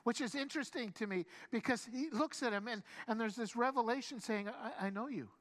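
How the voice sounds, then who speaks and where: Animated preacher telling a story. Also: medium pitch, a little fast. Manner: animated storytelling, acts out quoted lines; frequent stammered restarts. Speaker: pastor. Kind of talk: sermon.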